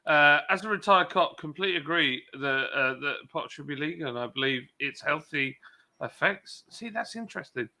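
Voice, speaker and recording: A man hosts a casual live stream and reads comments from the chat aloud. His tone is very bright and a little high, and he reacts with quick exclamations. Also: expressive, slight background noise. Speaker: host.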